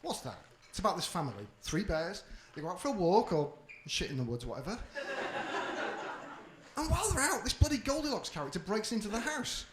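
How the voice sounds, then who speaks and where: A man's voice: high-pitched, brisk, noisy background. A man doing a stand-up comedy routine on a club stage, brash and swearing as he tells his stories. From Britain. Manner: brash, swearing, animated storytelling. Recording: roomy club echo.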